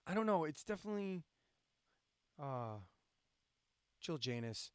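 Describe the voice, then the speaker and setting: Brief: male stream host from central Pennsylvania, high voice, dead-dry sound, rambling rants with swearing. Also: very animated, a little slow, clean tone, dry recording. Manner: ranting, profane, sarcastic. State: insomniac, drinking coffee late at night. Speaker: live-stream host and radio DJ. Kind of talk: casual chat.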